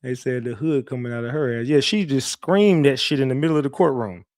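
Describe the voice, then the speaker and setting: A man hosting a livestream, animated and profane as he retells a court hearing with lots of restarts. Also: medium pitch, brisk, dry recording, studio quality. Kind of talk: casual livestream storytelling.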